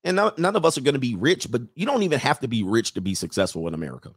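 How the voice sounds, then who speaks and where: A man's voice: medium pitch, very animated, racing, husky, no room sound, clean studio sound. A man hosting a live stream, reading viewer comments aloud and riffing on them in a loose, joking way. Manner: loose, joking, talks straight to the chat. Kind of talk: casual commentary.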